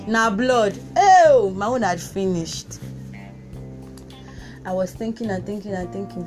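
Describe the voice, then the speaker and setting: A woman with a Nigerian accent hosting a podcast, telling a personal story in a casual, expressive way with exclamations and Pidgin touches. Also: mid-range voice. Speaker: podcast host.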